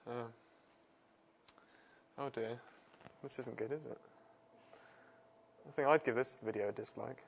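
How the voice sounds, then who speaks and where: A man's voice: mid-range voice, measured pace, creaky, pauses often, slight background noise. A man presenting a science livestream on a wireless mic, chatting casually, self-deprecating and laughing often. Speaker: presenter and physicist.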